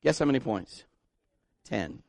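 Animated man preaching a sermon. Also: medium pitch, unhurried, creaky, dry recording, studio quality. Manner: animated storyteller, acts out voices. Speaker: pastor. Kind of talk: sermon with storytelling.

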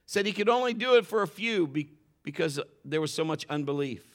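A man preaching a sermon, often climbing louder and higher when he drives a point home. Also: lively intonation, brisk. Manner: impassioned, rises sharply in pitch and volume when stressing points; admits getting emotional while preaching. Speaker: pastor.

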